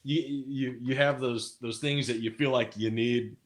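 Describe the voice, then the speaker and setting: A man's voice: medium pitch, steady tone, normal speed. A man chatting as an interview guest, rambling with many fillers and restarts. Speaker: guest musician. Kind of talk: casual interview chat.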